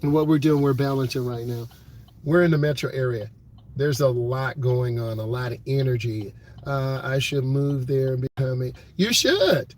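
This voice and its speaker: A man's voice: medium pitch, flat delivery, normal speed, dark tone. Man coaching live from the car. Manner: talks to live chat while driving, coaching. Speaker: driving instructor. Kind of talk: live-streamed driving commentary. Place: inside a car in city traffic. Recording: clear car and traffic noise. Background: engine and road noise.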